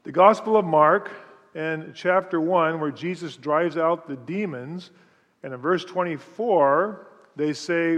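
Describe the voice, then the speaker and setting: A man's voice: fairly high pitch, takes it slowly, a bit bright, muffled recording. A man with a somewhat raised voice gives a Bible teaching from the pulpit, guiding listeners through scripture point by point. His voice carries a long reverb, as if he is in a large church sanctuary. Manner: explanatory, walks listeners through scripture step by step. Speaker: pastor teaching a Bible study. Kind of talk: sermon-style Bible teaching.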